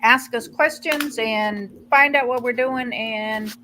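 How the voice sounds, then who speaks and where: A woman's voice: a little high, takes it slowly, bright, forceful tone, a little hiss or hum, rough recording. A middle-aged woman, chatting casually on a live stream with her daughter and talking to viewers. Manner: chatty, a bit scattered, talks to viewers. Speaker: vlog host. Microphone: computer mic on a live stream.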